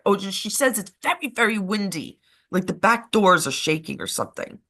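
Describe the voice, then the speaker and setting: A woman co-hosts a live chat show with an everyday mid-range voice. She rambles through a story in an animated way, swearing freely as she goes. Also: mid-range voice, a little fast. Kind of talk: casual chat.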